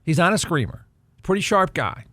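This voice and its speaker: A man's voice: high-pitched, big pitch swings, normal speed, fairly bright tone, no room sound. A middle-aged man hosting a sports podcast, delivering snarky, sarcastic commentary. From Texas. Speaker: podcast host.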